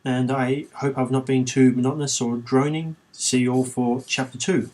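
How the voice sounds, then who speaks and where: A man's voice: medium pitch, flat delivery, normal speed, a little mellow. A man reading a children's book aloud with sarcastic, irreverent commentary, swearing freely. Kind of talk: comedic audiobook reading with commentary.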